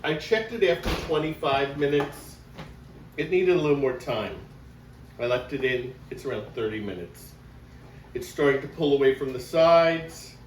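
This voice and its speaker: A man hosting a casual home cooking vlog, chatting slowly and warmly to viewers as he cooks. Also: mid-range voice, lively intonation, slight background noise. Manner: slow, homey, talks to viewers while cooking. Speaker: cooking show host. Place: home kitchen. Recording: echoey kitchen, mic far off.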